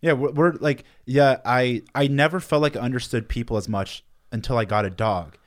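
A man's voice: mid-range voice, moderate pace, no room sound, studio quality. A man co-hosting a podcast, musing in a rambling, casual way full of fillers. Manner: rambling, philosophizing, many "like" fillers. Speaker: podcast co-host. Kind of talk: casual chat.

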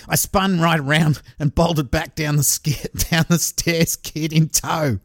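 Podcast host, male, reads listener mail with loose swearing and chuckles; a fairly high, gravelly voice. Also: animated, measured pace, a bit bright, dry recording, studio quality. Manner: casual and profane, chuckles while reading. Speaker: true crime podcast host. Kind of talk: reading out a listener's story, casual chat.

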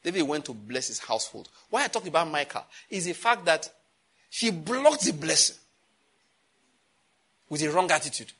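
A Nigerian man preaching with a bright, forceful tone and a slightly raised pitch. His voice has a husky edge. He laughs through his stories and prompts his listeners to answer back. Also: quick pace, hardly any pauses. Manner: animated preaching, laughing at his own jokes, calls for congregation responses. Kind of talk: sermon.

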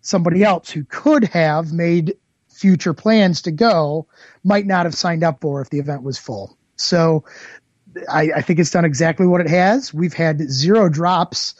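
Podcast guest, man, calm explainer, muffled dry audio. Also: fairly high pitch, unhurried, no echo. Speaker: tournament organizer on a podcast. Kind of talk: casual chat.

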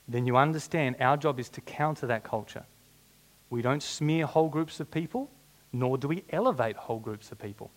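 A man preaching a sermon, animated and blunt, dropping in humorous asides. His voice sits at a middle pitch for a man.

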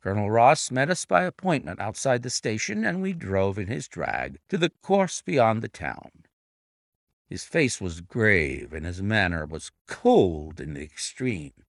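A man reads a classic mystery aloud at an unhurried, deliberate pace, his pitch rising and falling with lively expression. The recording is dry and close, with no room sound. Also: creaky, dry recording. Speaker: reader and annotator of classic stories. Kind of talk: storybook narration.

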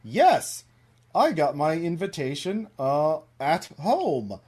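A man's voice: big pitch swings, slow pace, breathy edge, heavily acted. Man doing a chirpy lady fox. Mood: cheerful. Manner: high, bright, sing-song. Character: chirpy female cartoon fox.

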